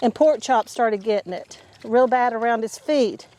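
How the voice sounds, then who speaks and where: A woman's voice: fairly high pitch, normal speed, dark tone. A woman chatting casually outdoors on her homestead, folksy and talkative, calling her viewers y'all. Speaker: homesteading vlogger. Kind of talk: casual chat to camera.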